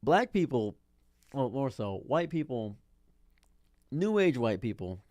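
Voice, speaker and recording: A man in his thirties from Detroit rambles through a casual commentary monologue, circling back to repeat himself in a baffled, exasperated way. His voice sits at an ordinary middle pitch and is recorded close on a dry mic with no room sound. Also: very animated, slow pace, darkish tone, no echo. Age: 30s. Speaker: streamer.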